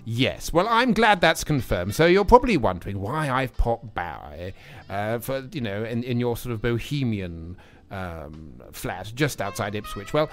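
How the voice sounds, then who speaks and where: A radio sketch actor plays a nervous young male drama student who witters on in a put-on posh voice, stammering and hesitating. His medium-pitched delivery is sing-song and measured.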